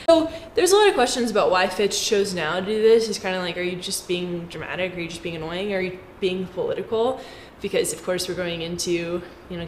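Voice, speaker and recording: A woman giving a casual, chatty explainer to camera, with jokey asides. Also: lowish voice. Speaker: finance commentator. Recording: roomy echo with faint background noise.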